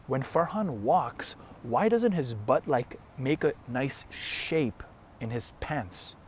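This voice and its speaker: A man putting on the voice of a nosy older grandmother, speaking in a gently mocking way. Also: mid-range voice, expressive, slow pace, slight background noise.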